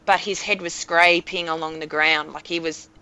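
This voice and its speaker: Animated woman telling a story. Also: fairly low pitch, normal speed, clean tone, low-quality recording. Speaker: podcast guest. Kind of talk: casual storytelling.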